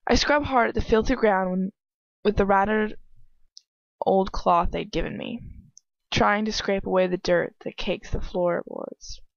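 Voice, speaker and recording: A woman's voice: mid-range voice, steady tone, unhurried, gravelly, no echo. A woman reading a fan fiction story aloud in the first person, stopping now and then to comment, in a dull, dry home recording. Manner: breaks off to laugh and comment on the text. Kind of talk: reading aloud with casual asides.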